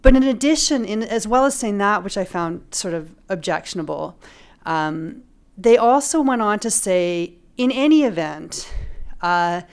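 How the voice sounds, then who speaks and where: A middle-aged woman speaking on a legal ethics panel as a law professor, measured and analytical with touches of dry humor. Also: mid-range voice, expressive, clean tone. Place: lecture room at a panel event.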